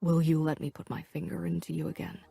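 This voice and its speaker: A woman reading the lines of a rough-voiced, intense young man in a low, hushed, intimate murmur. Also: completely flat delivery, fast talker, soft background music, heavily acted.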